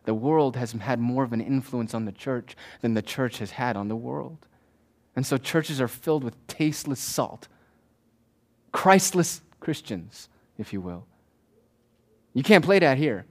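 A man preaching a sermon as pastor to his congregation, swinging between loud emphatic lines and hushed asides. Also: mid-range voice, unhurried.

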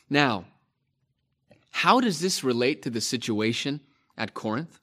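A male pastor preaching a sermon, slow and emphatic, repeating key phrases for stress. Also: mid-range voice, animated, sharp tone.

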